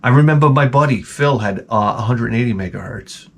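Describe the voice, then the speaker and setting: A man hosting his channel, telling comedic stories in a loud, animated, profane rant and acting out people in high, shouted voices. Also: fairly quick, a little hiss or hum. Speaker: channel host.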